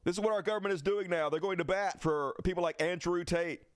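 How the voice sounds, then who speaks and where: A man's voice: high voice, steady tone, fast talker, dry recording, clean studio sound. A man hosting a livestream, delivering an angry, profane, sarcastic political rant. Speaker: livestream host.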